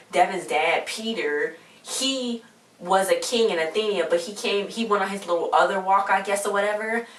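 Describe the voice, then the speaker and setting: A woman's voice: on the low side, fairly bright tone, a little hiss or hum. A woman recapping a TV show episode in a casual vlog, rambling and exasperated, full of slang. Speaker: TV show reviewer. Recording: echoey room, mic at a distance.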